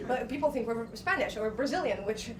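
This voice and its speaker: A woman's voice: fairly high pitch, animated, brisk. A young Portuguese woman, not a native English speaker, doing a profane, casual stand-up set with laughing asides and lots of fillers. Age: young adult. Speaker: stand-up comedian. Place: small comedy club stage. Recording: distant mic, loud room noise.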